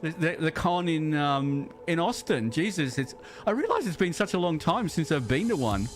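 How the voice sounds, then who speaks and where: A man's voice: on the high side, expressive, normal speed, faint music behind. An Australian man chatting casually on a game livestream, rambling and repeating words as he thinks aloud, reading viewer chat as he plays. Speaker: streamer.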